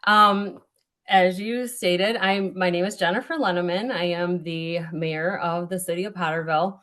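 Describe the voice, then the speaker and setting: A woman serving as a small-town mayor, speaking at a town hall with a slightly low voice. She is earnest and a bit halting, dropping in ums and correcting herself as she goes. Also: steady tone, fairly bright tone. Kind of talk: prepared remarks at a town hall.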